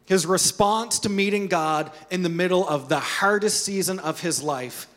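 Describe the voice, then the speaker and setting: A man's voice: a little high, normal speed, a bit bright, long reverb tail. A man preaching a sermon, earnest and conversational, asking his listeners rhetorical questions. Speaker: pastor.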